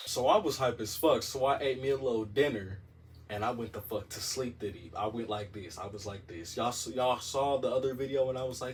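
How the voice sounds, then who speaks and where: A man telling a story in a casual monologue, animated and profane, with a dramatic delivery. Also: mid-range voice, normal speed, distant mic, a little hiss or hum.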